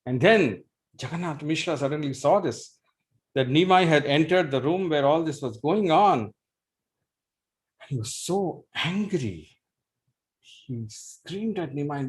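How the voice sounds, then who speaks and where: A man's voice: fairly high pitch, a little slow. A man telling a devotional story to an audience, acting out the voices of its figures. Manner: animated, acts out voices.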